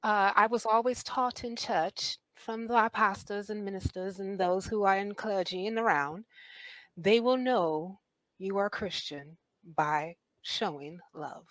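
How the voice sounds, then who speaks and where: A woman's voice: mid-range voice, unhurried, a bit bright, no echo. A woman co-hosting a call-in show, blunt and sarcastic. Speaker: co-host. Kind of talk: casual call-in show chat.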